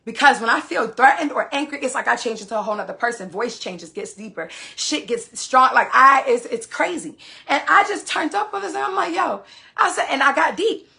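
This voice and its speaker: A woman's voice: sits high, animated, brisk, vocal fry, few pauses, bright, forceful tone. A woman, telling a story on a phone livestream in a profane, emphatic way. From Queens, New York. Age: 20s. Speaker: live streamer.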